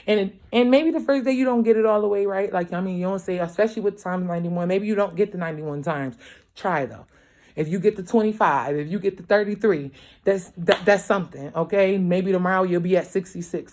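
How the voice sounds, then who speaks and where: A woman, a mother, giving a casual tarot reading at home late at night, talking bluntly with heavy swearing and constant check-ins with her viewers. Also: fairly low pitch. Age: young adult to middle-aged, a mother. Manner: blunt, profane, emphatic, keeps asking "you feel me"; grows louder as she gets worked up. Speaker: tarot reader.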